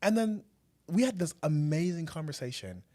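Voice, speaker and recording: A man co-hosting a podcast, telling a story in a casual, animated way and often breaking into laughter. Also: moderate pace. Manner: animated, laughing, swings loud and high when telling the story. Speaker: podcast co-host.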